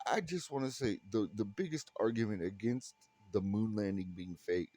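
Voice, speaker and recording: A man's voice: fairly low pitch, moderate pace, warm tone, no room sound. A middle-aged American man doing a stand-up comedy set, ranting profanely and in exasperation, stumbling over restarts and acting out voices he quotes. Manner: acts out quoted voices mid-rant.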